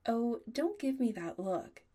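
A woman's voice: mid-range voice, animated, a little slow, creaky, warm tone, slightly rough, full character voice. A woman reading a firm, tender young werewolf man. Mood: stern. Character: protective young male werewolf lover. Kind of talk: audiobook dialogue.

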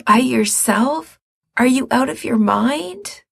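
Woman voicing a hoarse, feverish young man. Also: high-pitched, lively intonation, slow pace, no room sound, studio quality, pitched above the performer's own voice, heavily acted. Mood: pleading. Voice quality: raspy, hoarse. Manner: weak, often near-whispered pleas. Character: feverish sick young man, weary and pleading.

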